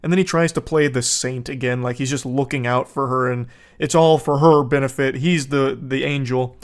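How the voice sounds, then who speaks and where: A man's voice: medium pitch, fairly even intonation, normal speed. A man giving comedic reaction commentary, sarcastic, crude and exasperated.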